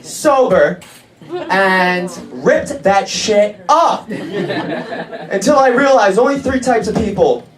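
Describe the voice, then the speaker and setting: A man's voice: high voice, lively intonation, takes it slowly. A man doing a stand-up comedy set, with a brash, profane, punchy delivery. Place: comedy club stage. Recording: echoey comedy club with laughing crowd.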